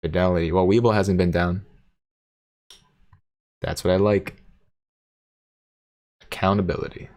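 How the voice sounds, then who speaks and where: Male streamer, low voice, casual and playful, reads chat comments aloud. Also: steady tone, a little slow, long pauses, darkish tone. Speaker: livestream host reading chat.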